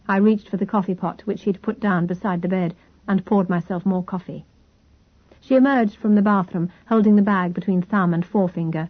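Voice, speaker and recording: Woman audiobook narrator, measured first-person reading, medium pitch, dull lo-fi sound.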